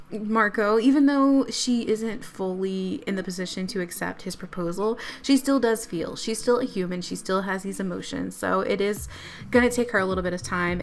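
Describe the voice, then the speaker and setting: Let's-play narrator: young woman, chatty and giggly, addresses viewers, medium pitch. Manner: chatty, speaks to viewers directly, giggles often. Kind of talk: casual game commentary.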